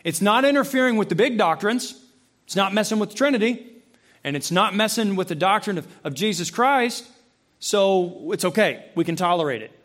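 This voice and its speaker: A man preaching a sermon to his congregation, asking them questions and acting out voices, swinging between loud, high emphasis and low, quiet intensity. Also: lively intonation, normal speed. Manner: acts out quoted voices and asks the congregation questions. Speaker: pastor. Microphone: handheld or stand mic, close.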